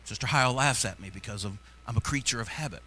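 A middle-aged man preaching a sermon as pastor, fervent, shifting between loud exhortation and quiet asides. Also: mid-range voice, fast, slight background noise.

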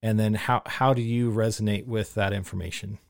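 A man's voice: fairly low pitch, steady tone, fairly quick, gravelly, a little mellow. A man interviewing a guest, asking his question hesitantly and searching for words.

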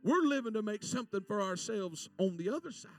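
A man, preaching a fervent sermon and telling folksy stories, stretching out scripture verses slowly. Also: sits high, expressive, soft background music. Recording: voice from a distance from the mic, dry sound.

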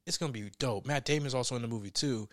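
A man co-hosting a casual chat, telling stories with loud laughing outbursts and mimicked voices. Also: medium pitch, fast, no room sound, clean studio sound. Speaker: podcast co-host.

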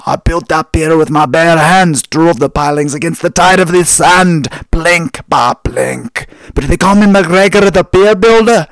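A man voicing a bitter old Scottish man in a pub, ranting loudly and indignantly. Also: fairly high pitch, a little slow, hardly any pauses, no room sound, voice pushed up.

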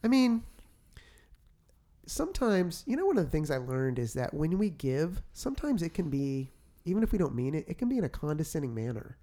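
A man co-hosting a faith-based chat, retelling his experiences in an animated, storytelling way. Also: fairly high pitch, brisk. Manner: animated storyteller, gets excited retelling events.

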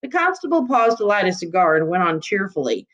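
A woman narrating a chapter of a novel in steady storytelling fashion. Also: mid-range voice, fairly quick, highs cut off. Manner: steady storytelling with character voices. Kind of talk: audiobook reading.

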